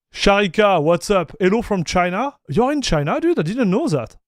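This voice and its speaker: A man's voice: high voice, no room sound, studio quality. A man with a French accent, a native French speaker, casually hosting a gaming livestream and greeting viewers one by one with a laugh. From North America. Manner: chatty, greets viewers by name, mixes in French and Spanish phrases, laughs often. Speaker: streamer reviewing Linux gaming.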